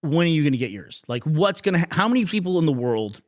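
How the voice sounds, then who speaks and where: A man's voice: on the high side, sing-song, fast talker. A man co-hosting a casual chat show, teasing playfully and laughing often. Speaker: podcast co-host.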